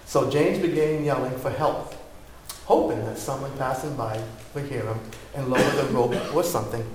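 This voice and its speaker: A man preaching a sermon, telling a story and closing in prayer in an earnest, unhurried manner. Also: fairly high pitch, animated. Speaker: pastor.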